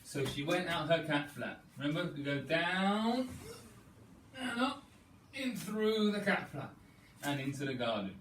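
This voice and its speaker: A man leading a children's storytelling yoga class, playful and animated, coaxing the children through each pose. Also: a little high, unhurried, a little hiss or hum. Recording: echoey room, distant mic, faint ambience.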